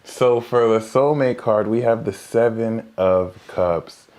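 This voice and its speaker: His voice is on the low side and darkish, and he takes things slowly. He's a live podcast co-host and tarot reader who keeps it casual and joking, laughs a lot, and tends to trail off mid-sentence.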